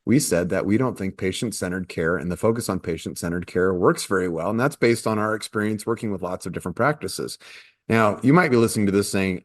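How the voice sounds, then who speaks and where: A man's voice: fairly low pitch, animated, fast talker, dry recording, studio quality. A man hosting a podcast, playful and joking with his co-hosts before explaining a topic at length. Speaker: podcast host. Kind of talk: casual podcast chat.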